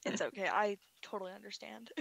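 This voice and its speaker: A woman's voice: medium pitch, gravelly, a bit bright, breathy edge, no echo. A woman hosting a radio show, sympathetic and chatty. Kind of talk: casual radio chat.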